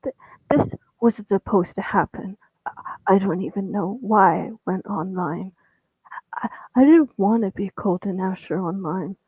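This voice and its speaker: A man reading his own first-person story in a halting, stammering way, with frequent restarts and moments where he drops to a whisper. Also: sits high, husky, no room sound. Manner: drops into an unvoiced whisper at times. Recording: tinny phone-like audio, dry.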